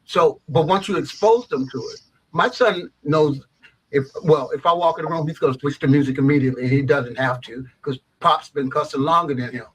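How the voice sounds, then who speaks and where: A man's voice: on the high side, brisk, slightly rough, poor audio. A middle-aged man hosting a radio talk show, rambling and opinionated, peppering his talk with "you know what I'm saying.".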